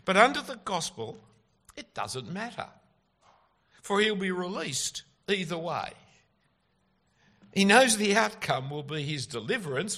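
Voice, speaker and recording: A man's voice: sits high, sharp tone. A man preaching an expository sermon, emphatic and full of rhetorical questions.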